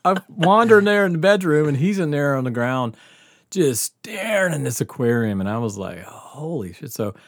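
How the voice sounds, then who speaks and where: A man's voice: a little high, big pitch swings, normal speed, no echo. A man telling a story in casual chat, laughing often and swearing freely. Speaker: podcast host telling a story.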